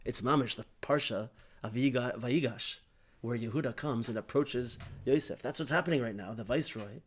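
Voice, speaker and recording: A man leads a Torah study discussion in a middle-pitched voice, explaining animatedly and restarting often. He checks in with his listener as he goes. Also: brisk. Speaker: Torah teacher.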